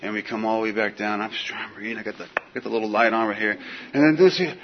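A man telling a personal story in casual, animated speech, full of "dude" and "man". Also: on the low side, quick pace. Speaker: guest telling his recovery story. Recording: dull lo-fi recording with faint hiss.

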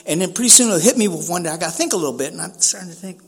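A man's voice: sits high, expressive, very fast, husky. A man from San Francisco giving a personal recovery talk, speaking casually with street slang, often saying "man" and acting out dialogue.

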